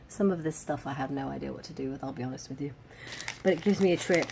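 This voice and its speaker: A woman chatting casually through a craft box unboxing, amused and quick to laugh. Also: low-pitched, creaky, slight background noise. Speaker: crafting vlogger.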